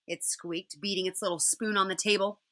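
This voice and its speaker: A woman teacher reading a children's novel aloud in an expressive way. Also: medium pitch, normal speed.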